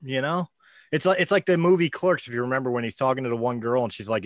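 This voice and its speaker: A man's voice: mid-range voice, quick pace, dry recording. A man co-hosting a casual comedy podcast, cracking crude jokes and swearing freely. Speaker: podcast co-host.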